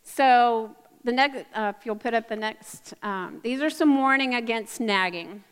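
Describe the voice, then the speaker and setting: A woman giving a sermon to a live audience, reading scripture and chatting with asides and quick self-corrections. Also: on the high side, fairly bright tone, clear, resonant tone. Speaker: women's ministry speaker. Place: church or event hall with a live audience. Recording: echoey hall.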